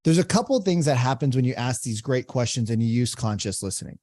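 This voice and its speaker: A man coaching real estate agents in a relaxed, conversational way, often repeating phrases. His tone is mellow and warm, and the recording is dry and close. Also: mid-range voice, quick pace, no room sound. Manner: conversational, repeats phrases, acts out call examples. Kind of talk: reaction commentary and coaching.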